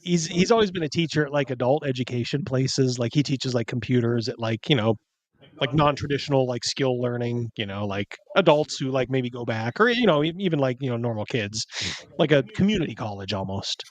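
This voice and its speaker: A man's voice: mid-range voice, animated, brisk, no echo. A man hosting a podcast, telling stories in casual chat and rambling through them with lots of fillers. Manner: rambling storyteller, heavy on fillers. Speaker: podcast host.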